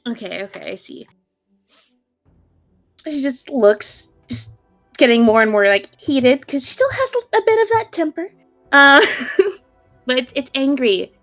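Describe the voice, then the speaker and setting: A woman's voice: sits high, expressive, unhurried, fairly bright tone, faint music behind. A woman playing in a tabletop role-play, speaking in an emotional way and swearing freely. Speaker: player.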